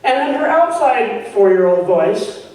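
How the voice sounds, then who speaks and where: A woman's voice: on the high side, unhurried. A woman in her forties performing a stand-up comedy set, telling stories and acting out quoted lines. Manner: animated storytelling, acts out quotes. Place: stage at a live showcase. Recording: echoey room from far off with noise.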